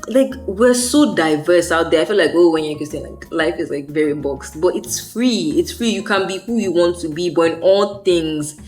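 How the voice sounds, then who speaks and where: Young woman, lowish voice, rambling, slangy faith vlog chatter, faint music underneath. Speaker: faith vlogger. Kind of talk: casual faith vlog monologue.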